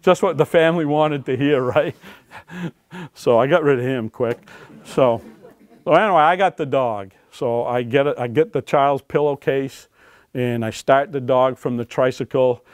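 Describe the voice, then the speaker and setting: A man's voice: mid-range voice, normal speed, dry recording. A man who is an author and search and rescue dog handler, telling folksy stories to an audience and often asking "right?". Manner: folksy, keeps checking in with "right?". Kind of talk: storytelling talk to an audience. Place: public library talk.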